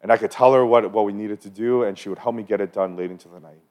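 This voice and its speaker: Conversational male pastor preaching. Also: quick pace. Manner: conversational, with personal stories and asides; builds to louder, higher emphatic questions. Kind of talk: sermon. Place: church service.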